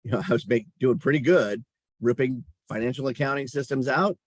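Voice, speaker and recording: A middle-aged man with a husky, slightly breathy voice talks through his career in an easygoing interview. He tells it as animated stories and chuckles as he goes. The recording is close and dry, with no room sound. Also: mid-range voice, a little fast, no room sound. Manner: animated storyteller, chuckles while talking. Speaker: guest, company chief executive. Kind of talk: casual interview conversation.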